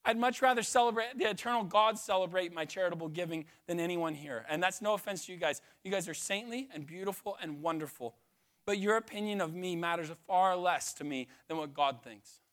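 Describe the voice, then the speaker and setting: A man's voice: high-pitched, a little fast, fairly bright tone. A man preaching a sermon in a conversational way, tagging his points with "right?" and dropping in joking asides. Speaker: pastor.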